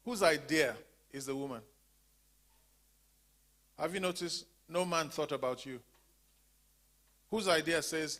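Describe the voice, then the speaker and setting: A man's voice: fairly high pitch, slow, long pauses, a bit bright. Man teaching with call-and-response questions. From Zambia. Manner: call-and-response questioning, leaves sentences open for the class to finish; emphatic, repeats key words. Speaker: teacher of a faith-based women's class. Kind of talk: church teaching to a group.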